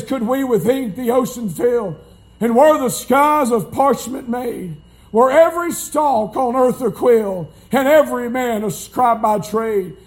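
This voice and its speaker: A male pastor, preaching a folksy, emphatic sermon that climbs to shouts, recorded live in church. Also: very high voice.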